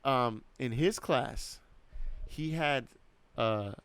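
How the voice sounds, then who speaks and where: A man in his thirties with a smooth, clear voice, recorded dry and close with no room sound. He rambles through a story in loose podcast chat, leaning hard on "like" and swearing freely. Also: mid-range voice, extremely slow, fairly bright tone, no room sound. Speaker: podcast co-host.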